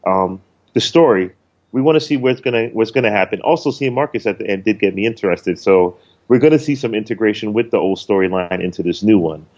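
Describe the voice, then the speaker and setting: Male co-host, lowish voice, rambling casual talker, slightly muffled lo-fi audio. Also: brisk, a little mellow. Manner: loose and rambling, with frequent ums and swearing. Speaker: podcast co-host. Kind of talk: casual podcast discussion.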